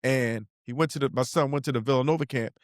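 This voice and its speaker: A man's voice: mid-range voice, quick pace, no echo, clean studio sound. A middle-aged man, telling slangy stories in a casual podcast chat as co-host. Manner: laid-back storyteller, slangy, acts out quotes.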